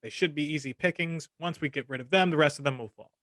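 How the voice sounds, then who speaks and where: Questioning man with a higher voice. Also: fast talker, fairly bright tone, no room sound. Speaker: podcast co-host. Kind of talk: casual chat.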